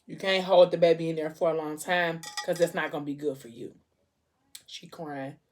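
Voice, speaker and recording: A woman, telling a book's plot in a chatty, expressive way and acting out the dialogue. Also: low-pitched, normal speed. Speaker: vlogger. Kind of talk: casual storytelling while eating.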